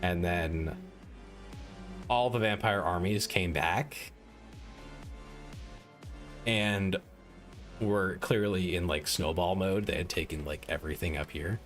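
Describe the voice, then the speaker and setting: This gaming streamer talks slowly in a low voice, leaving long pauses while faint music plays behind him. He rambles casually over his strategy game into a desk microphone, poking fun at himself and saying "like" a lot.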